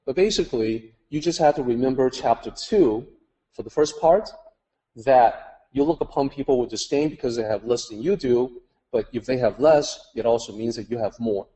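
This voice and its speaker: A man's voice: medium pitch, normal speed, dark tone, rough recording. A man teaching a group, telling a story in a conversational way with many "you know" asides. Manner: acts out quoted voices in story. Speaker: Daoist teacher.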